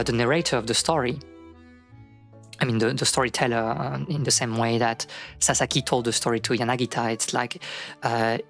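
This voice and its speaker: A streamer retelling a folk tale in a loose, rambling way, full of fillers and restarts. The voice sits at a middling pitch, with faint music behind. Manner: rambling, many fillers and restarts, acts out quotes.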